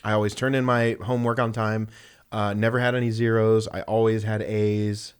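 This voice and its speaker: In a clean, fairly low voice at a moderate pace, a young man swaps casual stories on the podcast he co-hosts. He brings his anecdotes to life by acting out the voices of the people involved.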